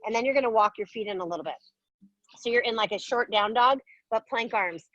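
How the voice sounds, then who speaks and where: A woman's voice: a little high, fairly quick, fairly bright tone, no room sound, highs cut off. A woman teaching a yoga class, giving upbeat, playful cues while moving and a little out of breath. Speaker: yoga instructor. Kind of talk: guided yoga class instruction.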